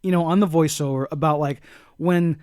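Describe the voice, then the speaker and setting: Male podcast co-host with a higher voice, halting and full of restarts, dry close sound. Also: steady tone, a little mellow, clear, resonant tone, dry recording. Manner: halting, with many restarts and laughs. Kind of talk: casual movie-review chat.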